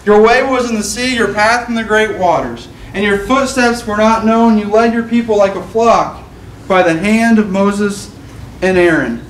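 Recorded from a distance in an echoey church room, with a little hiss or hum, this preacher's voice sits high and moves at a moderate pace. Earnestly, he reads passages of scripture from the sanctuary and then puts them into plain words.

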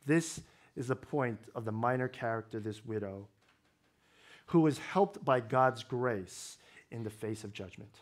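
A man's voice: medium pitch, measured pace. A male pastor preaching a sermon, explaining scripture in a conversational way with wry humor.

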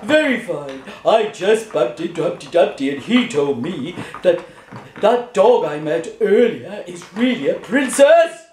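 A woman's voice: fairly low pitch, sing-song, a little slow, darkish tone, echoey room, slight background noise. A woman voicing a clumsy, apologetic male elephant puppet, sheepish and earnest. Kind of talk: children's puppet show.

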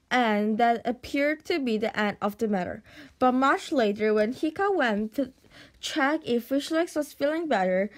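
A woman reading a children's novel aloud in an animated storytelling manner, with slips and restarts. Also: on the high side. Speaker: audiobook reader.

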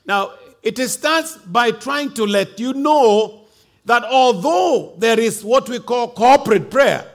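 A Kenyan bishop, a man with a high voice for his gender, preaches a sermon with emphasis, slipping in asides in Swahili and Kikuyu. He speaks slowly with lively intonation.

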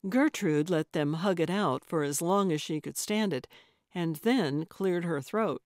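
A woman narrating a cozy mystery audiobook in a measured, even manner. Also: lowish voice, no room sound, studio quality. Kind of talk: scripted narration.

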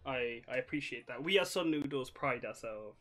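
A man's voice: mid-range voice, lively intonation, moderate pace, fairly bright tone, soft background music, natural voice. Man playing an eager, courteous noodle clerk. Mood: polite. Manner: courteous salesman, repeats words. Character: polite eager male noodle shop clerk. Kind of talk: tabletop role-play.

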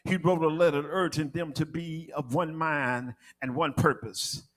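High-voiced preacher man, rhythmic delivery. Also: fairly even intonation, a little slow. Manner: rhythmic preaching that swells into shouted, half-sung cadences. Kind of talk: sermon. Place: church.

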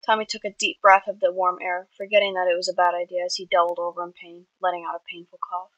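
A woman's voice: on the low side, level tone, quick pace, no room sound, dull audio. A woman reading her own story aloud earnestly, with small slips and restarts. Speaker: amateur writer.

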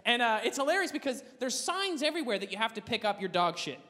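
A man doing a stand-up comedy set, rambling and swearing with animated energy on a comedy club stage. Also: very high-pitched, fast talker. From Canada. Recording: echoey club with audience laughter.

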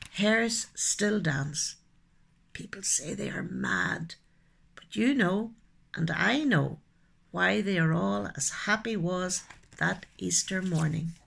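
A woman telling children's stories expressively, dropping into soft hushed asides. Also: mid-range voice, gravelly, husky. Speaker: storyteller and poet. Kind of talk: children's storytelling.

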